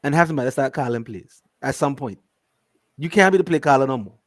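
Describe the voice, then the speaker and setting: A man's voice: medium pitch, fast talker, no room sound, clean studio sound. A man co-hosting a casual football talk stream, emphatic and building his points up. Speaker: co-host.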